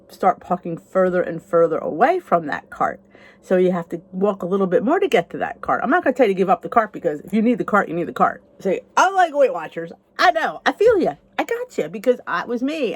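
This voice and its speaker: A woman in her fifties from the United States, talking candidly to the camera in a casual vlog about weight loss. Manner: candid, conversational, pitch rising on emphasis.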